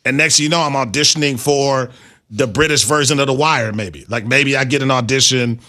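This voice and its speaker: A man's voice: medium pitch, bright, forceful tone. A man hosting a sports radio show, talking casually, restarting sentences and poking fun at himself. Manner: halting, repeats words, self-mocking.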